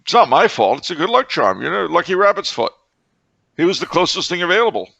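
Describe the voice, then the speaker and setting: A man co-hosting a podcast, telling absurd stories with deadpan, mock-logical seriousness in casual comedic chat. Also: high-pitched, quick pace, vocal fry, no room sound, dull audio. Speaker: podcast co-host.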